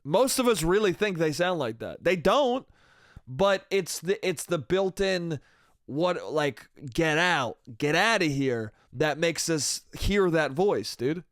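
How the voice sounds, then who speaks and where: High-voiced american guy ranting solo on a comedy pod, swears a lot, says dude nonstop, super dry sound. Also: animated, slow, no echo. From United States. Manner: profane, rambling, says "dude" constantly. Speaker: podcast host.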